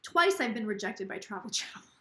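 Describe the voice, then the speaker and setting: A woman's voice: mid-range voice, expressive, a little fast, bright, forceful tone, reverberant, a little hiss or hum. A tipsy woman hosting a casual psychic livestream on her phone, rambling and gossipy, swearing freely and slurring a little.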